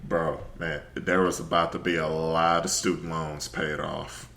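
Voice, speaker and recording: Man, very low voice, laid-back sports podcast banter, joking, faint noise behind. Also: flat delivery, measured pace, fairly bright tone. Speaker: podcast co-host. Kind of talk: casual sports chat.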